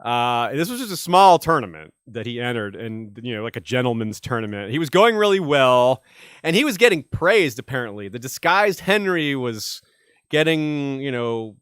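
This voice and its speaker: A man's voice: mid-range voice, sing-song, moderate pace, a bit bright, smooth, no echo, clean studio sound. A man hosting a casual podcast chat, rambling with many fillers and chuckles. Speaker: podcast host.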